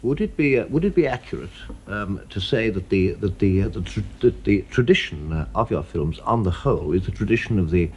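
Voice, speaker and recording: A man's voice: lowish voice, expressive, brisk, hardly any pauses, darkish tone, slight background noise. A man interviewing a guest in an archival television conversation, asking probing questions and searching for words as he goes.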